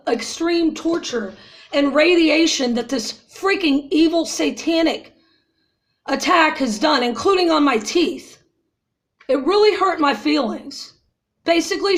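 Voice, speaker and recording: A woman in her fifties venting to her viewers in an agitated, ranting way, upset after crying and calling her audience "y'all". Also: high-pitched. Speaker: vlogger. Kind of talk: emotional personal vent to viewers.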